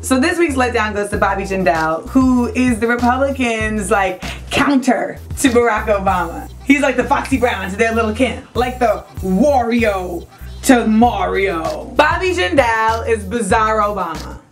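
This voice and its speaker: A young adult woman hosting a web show, giving brash, profane, animated comedic commentary. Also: on the high side, measured pace, soft background music.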